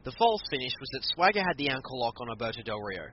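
Animated man recapping wrestling, lo-fi. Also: medium pitch, fast talker. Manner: animated storytelling, acts out quotes. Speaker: wrestling podcast co-host. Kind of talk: casual chat recapping matches. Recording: muffled lo-fi audio with background noise.

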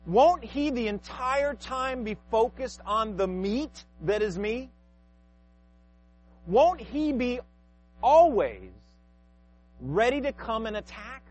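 A man's voice: sits high, a little hiss or hum, low-quality recording. A man, a pastor, preaching a sermon with rhetorical questions and acted-out quotes.

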